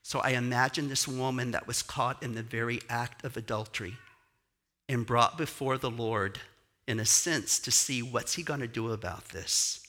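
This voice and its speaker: A man, founder of a dance company, giving an inspirational sermon in a storytelling way that slows and softens for emphasis. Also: mid-range voice.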